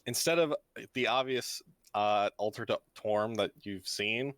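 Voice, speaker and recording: A man's voice: on the low side, a little slow, a bit bright, no room sound. A man running a tabletop game as game master, narrating scenes and correcting rules in a matter-of-fact way. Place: home setup for an online stream.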